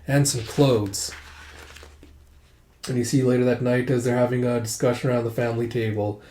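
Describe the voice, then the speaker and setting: A man's voice: mid-range voice, level tone, fast talker, dark tone, a little hiss or hum. A man casually narrating a comic readthrough, chatty and full of asides. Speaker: comic reader. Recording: roomy echo.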